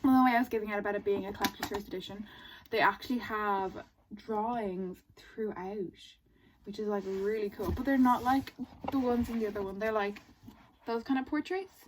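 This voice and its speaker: A woman chatting casually in a book vlog, excitable and gushing, with exasperated asides. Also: mid-range voice, fairly quick, a little hiss or hum, rough recording. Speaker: book vlogger.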